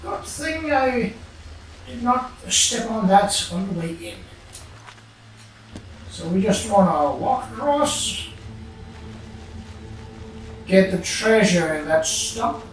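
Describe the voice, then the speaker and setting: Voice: medium pitch, animated, takes it slowly, pauses often, distant mic. A gamer chatting casually over gameplay, musing and muttering to themself and humming now and then. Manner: musing, mutters to self, hums. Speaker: let's play gamer. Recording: very echoey room, off-mic, faint hiss.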